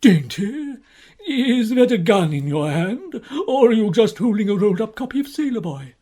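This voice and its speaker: A woman's voice: a little high, expressive, normal speed, mellow. A woman voicing a cheeky, wisecracking cab driver in a comedy audio play.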